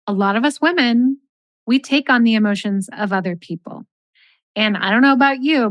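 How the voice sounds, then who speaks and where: Woman, middle-aged, life coach, calm and measured, dry close sound. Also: fairly high pitch, no echo. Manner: measured, gentle, acts out sample dialogue. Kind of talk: calm advice in a podcast interview.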